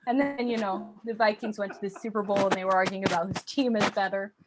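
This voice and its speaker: A woman's voice: medium pitch, fairly even intonation, fast talker, background noise. A woman comedian telling a story in a stand-up set while a little sick. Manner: storytelling, chatty. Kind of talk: stand-up set over a video call.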